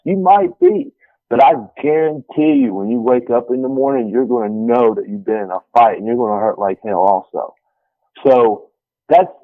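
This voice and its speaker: A man's voice: fairly low pitch, no room sound. A man who wrestles, talking in a casual interview in a brash, folksy way and swearing freely. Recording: tinny phone line.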